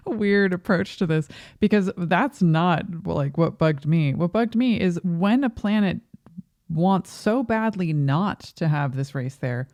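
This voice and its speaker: A woman's voice: on the low side, takes it slowly, a little mellow, no echo. A woman co-hosting a movie review podcast in casual chat, opinionated and questioning, laughing often. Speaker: podcast co-host.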